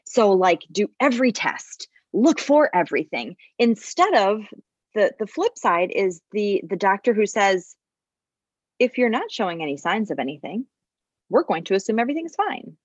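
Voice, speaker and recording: A former labor nurse tells stories in a casual podcast conversation, her medium-pitched voice moving at a normal speed. She often restarts sentences and repeats words, becoming animated when she quotes people. The recording sounds muffled, with no room sound.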